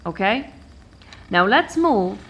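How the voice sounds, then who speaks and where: Woman teaching english, patient, repeats stuff, medium pitch. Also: sing-song, slow pace, fairly bright tone, husky. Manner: patient and repetitive, switching between English, Arabic and French. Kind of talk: language lesson explaining word stress.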